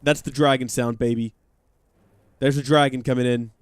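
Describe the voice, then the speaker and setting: A man's voice: medium pitch, fairly even intonation, normal speed, clear, resonant tone, no echo. A man chatting and joking while playing a game live, talking to his viewers. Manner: chatty, joking, reads chat aloud. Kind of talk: live let's-play commentary.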